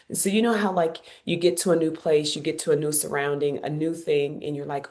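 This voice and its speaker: Low-voiced woman telling her story emphatically. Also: a little fast, hardly any pauses. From Cincinnati, United States. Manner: lively, emphatic retelling with repeated phrases. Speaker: guest, former Olympic runner. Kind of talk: podcast interview storytelling.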